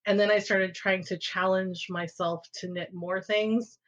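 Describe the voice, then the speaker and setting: A woman's voice: mid-range voice, fairly even intonation, measured pace, fairly bright tone, highs cut off. A woman guest on a podcast, telling personal anecdotes in a casual way and laughing often as she talks. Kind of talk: casual storytelling.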